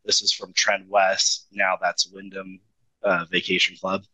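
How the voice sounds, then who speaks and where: A young man from Utah, a podcast guest, telling stories in a relaxed, rambling way. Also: sits low, unhurried, no room sound. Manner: easygoing, rambling with fillers. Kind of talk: casual interview. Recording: dull lo-fi dry sound.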